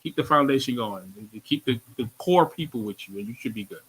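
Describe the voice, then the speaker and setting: A man's voice: mid-range voice, lively intonation, a little fast, fairly bright tone, slightly rough, low-quality recording. A man with a New York accent hosting a radio interview, chatting casually in slang and repeating his phrases. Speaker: radio show host.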